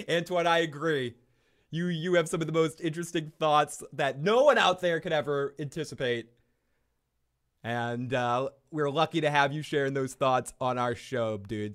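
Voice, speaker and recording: A man's voice: a little high, moderate pace, a bit bright. Profane, laughing male video host. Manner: profane, jokey, laughs often. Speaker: YouTube show host. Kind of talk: casual reaction commentary.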